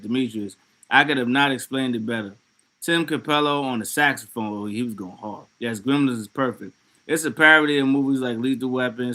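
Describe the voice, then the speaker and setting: Profane, excitable man chatting on a livestream. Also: mid-range voice, poor audio. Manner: loose, profane, excitable, reads chat aloud. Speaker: livestream host. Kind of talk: casual livestream chat.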